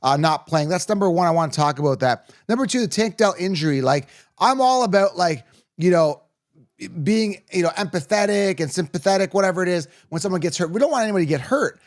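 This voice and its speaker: Blunt, opinionated sports host, slightly high voice. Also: male voice, expressive, fast talker. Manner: blunt and opinionated, with frequent "okay?" and "right?" check-ins. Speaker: fantasy football show host. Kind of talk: casual sports commentary to camera.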